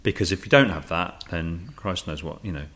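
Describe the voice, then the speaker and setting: Low-voiced man hosting. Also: animated, normal speed, a bit bright. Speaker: podcast host. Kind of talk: casual political discussion.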